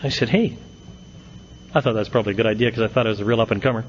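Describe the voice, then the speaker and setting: A man's voice: on the low side, very fast, dull audio, background noise. A middle-aged man speaking at an AA meeting, telling his recovery story with folksy, self-mocking humor and punchy comic timing.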